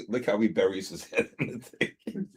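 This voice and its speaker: A man hosting a live trading stream, talking excitedly through charts, exclaiming and repeating himself. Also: lowish voice, a little slow, husky. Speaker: trading livestream host.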